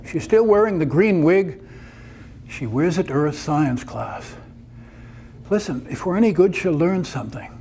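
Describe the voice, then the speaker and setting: A man's voice: fairly high pitch, expressive, measured pace, dark tone, a little hiss or hum. A man voicing a big, shy young man with a Maine accent who stutters when nervous. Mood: flustered. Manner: stammering, shy.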